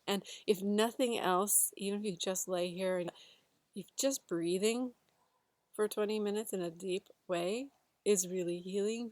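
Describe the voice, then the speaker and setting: A woman guiding a breathwork class, talking gently and unhurriedly with a few fillers. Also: fairly low pitch, no room sound. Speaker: breathwork facilitator. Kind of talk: guided instruction to a class.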